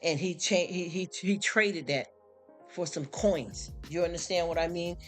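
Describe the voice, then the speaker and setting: Brief: weary host, mid-pitched voice, loose rambling faith chat over soft music. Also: measured pace. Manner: rambling, repeats "you understand?". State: tired after a long work shift. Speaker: live streamer. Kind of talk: casual spoken faith talk to a live chat. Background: faint background music.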